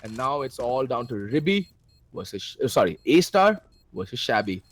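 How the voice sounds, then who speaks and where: A man with an Indian English accent casting a shooter match live, excitable, his pitch leaping at big plays. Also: moderate pace, slight background noise. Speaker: esports caster. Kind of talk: play-by-play commentary.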